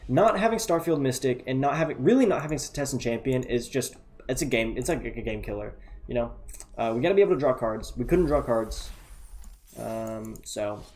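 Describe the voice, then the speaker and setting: A man giving relaxed, chatty play-by-play of a card game, thinking aloud and muttering asides to himself. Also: medium pitch, brisk. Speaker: gameplay commentator.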